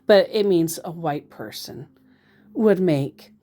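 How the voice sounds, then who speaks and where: A woman's voice: on the low side, slow pace, warm tone. A woman narrating a chat with a scammer, adding wry, self-deprecating asides about her own slip-ups. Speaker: scambaiter.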